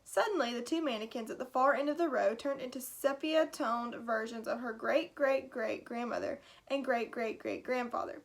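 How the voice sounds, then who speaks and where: A woman's voice: a little high, moderate pace, hardly any pauses. A woman teacher reading a chapter book aloud to her class, with chatty asides.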